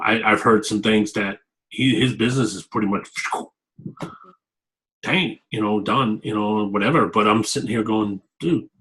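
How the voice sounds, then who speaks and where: A man's voice: medium pitch, fairly bright tone, low-quality recording. A man being interviewed about his work as a fitness coach, talking candidly and rambling, often repeating himself. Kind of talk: casual interview talk.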